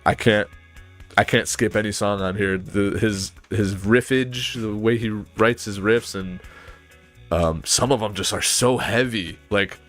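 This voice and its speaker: Casual male panelist, low voice, rambling and filler-heavy, with faint music underneath. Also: measured pace, a bit bright. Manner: rambling, filler-heavy, mouths bass riffs aloud. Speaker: podcast panelist. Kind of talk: casual chat about music.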